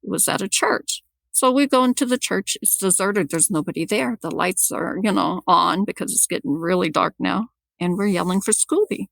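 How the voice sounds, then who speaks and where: A woman guest on a podcast telling a personal story, halting and repeating words as she restarts sentences. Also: lowish voice, gravelly, fairly bright tone, dry recording.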